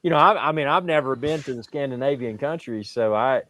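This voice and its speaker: A man's voice: medium pitch, a little fast, fairly bright tone. A man with a Southern US accent, telling a rambling story on a livestream chat. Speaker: livestream guest.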